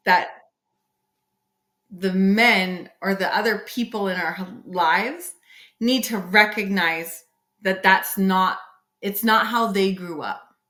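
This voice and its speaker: A woman's voice: medium pitch, bright, forceful tone. Emphatic woman in her forties, roomy sound. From Canada. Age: 40s. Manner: emphatic, opinionated. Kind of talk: casual podcast conversation. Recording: echoey room.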